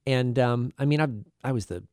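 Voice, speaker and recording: A middle-aged man, a cardiologist, speaking as a guest in a radio interview, halting with many fillers and restarts. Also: medium pitch, darkish tone, clear, resonant tone, dry recording, studio quality.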